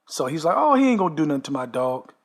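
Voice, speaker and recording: Talking fast in a slightly high, sing-song voice, a man narrates a long dream. His casual monologue is emphatic, with "man" and "okay" often tagged onto what he says.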